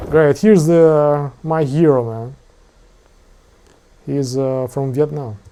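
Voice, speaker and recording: Male stream host, slightly higher voice, halting, mocking commentary. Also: little pitch movement, mellow, clear, resonant tone. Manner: halting, many fillers and restarts, mocking. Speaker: live stream host reacting to a video. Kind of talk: casual commentary.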